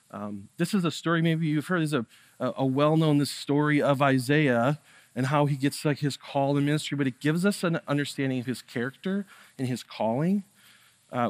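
A man preaching a sermon in a casual, conversational way, with many fillers, growing louder and more intense when he stresses awe. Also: medium pitch. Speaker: pastor.

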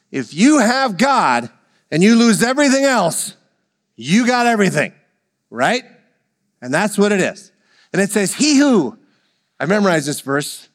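A man's voice: high voice, in a large hall. A man preaching a sermon, leading the congregation in call-and-response and joking with them. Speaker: pastor.

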